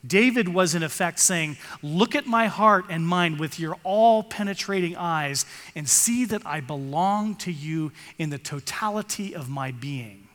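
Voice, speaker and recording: A man's voice: fairly high pitch, lively intonation, a little slow, few pauses, a bit bright, in a large hall. A male pastor giving an earnest sermon, reading scripture aloud and rising for emphasis.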